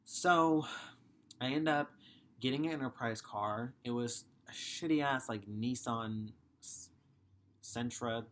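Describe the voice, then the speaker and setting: A man's voice: medium pitch, takes it slowly, fairly bright tone. A young man talks straight to his viewers in a heated vlog rant. He swears freely and rambles from one complaint to the next, sounding fed up. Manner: frustrated, profane, rambling. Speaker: vlogger. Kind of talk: ranting vlog.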